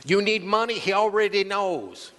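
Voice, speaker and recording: A man's voice: sits high, expressive, moderate pace, fairly bright tone. A male pastor preaching a sermon, calling out to the congregation and acting out quoted voices. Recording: long church hall reverb.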